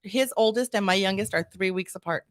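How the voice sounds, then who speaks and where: A woman's voice: mid-range voice, brisk, no room sound, studio quality. Blunt, profane woman telling stories. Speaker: podcast co-host. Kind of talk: casual chat.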